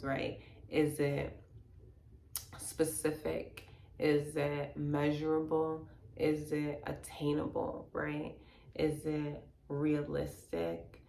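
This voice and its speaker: Low gravelly woman, soft and slangy. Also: echoey room, a little hiss or hum. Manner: relaxed, slangy, soft-spoken, drifts into near-whisper. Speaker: wellness vlogger. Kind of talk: casual guided talk and meditation.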